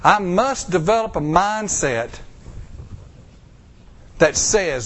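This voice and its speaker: A middle-aged male pastor, preaching a sermon, acting out quotes and slowing down for emphasis. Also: fairly high pitch. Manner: animated preaching with acted-out quotes and drawn-out pauses.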